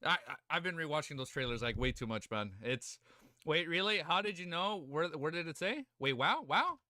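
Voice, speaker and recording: Young male streamer, animated and bright, excitable and teary, curses freely. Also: on the high side, normal speed. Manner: excitable, swearing, laughing often. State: tearful. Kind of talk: live reaction stream.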